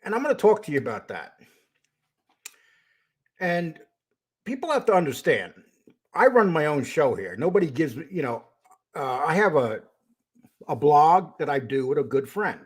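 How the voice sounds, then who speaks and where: Husky-voiced older man hosting a stream. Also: fairly high pitch, big pitch swings, normal speed, long pauses. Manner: greets viewers by name, then turns confrontational. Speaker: host of a live stream show. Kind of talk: casual live-stream talk.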